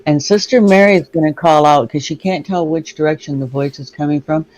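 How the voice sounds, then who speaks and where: A man's voice: on the high side, fairly quick, darkish tone. A man describing his character's actions as a player in a tabletop game. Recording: dull lo-fi mic.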